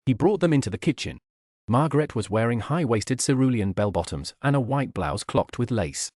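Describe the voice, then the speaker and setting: A man reading a novel aloud as narration, shifting his pitch to voice the characters. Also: animated, normal speed, darkish tone, dry recording, clean studio sound. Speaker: audiobook reader. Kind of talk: scripted narration.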